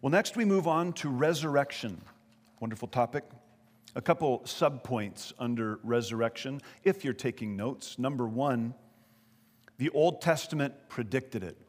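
A male pastor delivers a sermon in an earnest storytelling manner, lifting his voice for emphasis. His voice sits at an ordinary middle pitch. The sound carries a long reverb tail from a large hall. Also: lively intonation, moderate pace.

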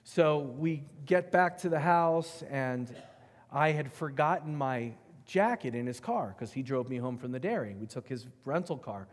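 Animated male preacher in a reverberant hall. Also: medium pitch, a little slow. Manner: animated, emphatic storyteller who swings between loud and hushed. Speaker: pastor. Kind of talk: sermon with personal storytelling. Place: church sanctuary.

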